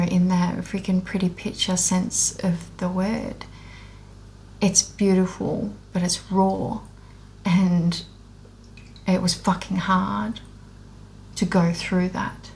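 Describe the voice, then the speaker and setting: A woman's voice: medium pitch, gravelly, a little mellow, slight background noise. A woman speaking in a candid, unscripted monologue, blunt and heavily profane, earnest and emotional as she rambles with restarts about her spiritual awakening.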